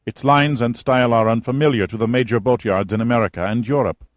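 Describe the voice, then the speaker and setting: A man's voice: medium pitch, steady tone, fast talker, no room sound, close to an everyday voice. A man voicing a nervous, apologetic middle-aged intelligence colonel in an audiobook reading. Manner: anxious, apologetic, eager to please.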